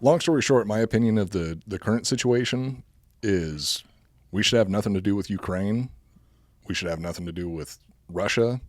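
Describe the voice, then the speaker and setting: Man, low voice, podcast co-host, casual and profane, reading notes, dry close mic. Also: normal speed, no echo. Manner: loose and profane, reads history notes between jokes.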